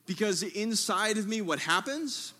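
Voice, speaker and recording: A man preaching a sermon in a tent, telling a humorous story in a lively way and calling out to his listeners. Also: high-pitched, a little slow. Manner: lively, humorous storytelling with audience call-outs. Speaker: pastor.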